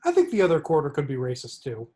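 A man's voice: fairly high pitch, huge pitch swings, fast, dark tone. A man co-hosting a podcast in casual chat, who makes dry, wry remarks. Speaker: podcast co-host.

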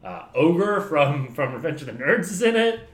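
Guy rambling about movies on a podcast, swears a lot, kinda high voice, echoey room. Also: big pitch swings, normal speed. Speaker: podcast co-host. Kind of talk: casual film chat. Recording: roomy echo.

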